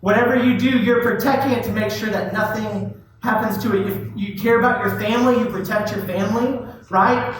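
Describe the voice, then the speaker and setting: A man's voice: sits high, fairly even intonation, brisk, slight background noise. A man, a youth pastor, giving a casual, conversational sermon and putting direct questions to his listeners. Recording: very echoey hall, distant mic.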